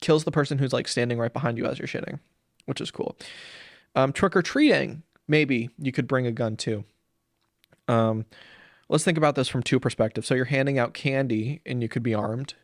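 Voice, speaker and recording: A man's voice: medium pitch, normal speed, no echo, studio quality. A young man, hosting a crude, rambling comedy podcast, filled with ums, who slips into silly voices for jokes. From Saint Paul, Minnesota. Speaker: podcast host. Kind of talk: comedic solo podcast rant.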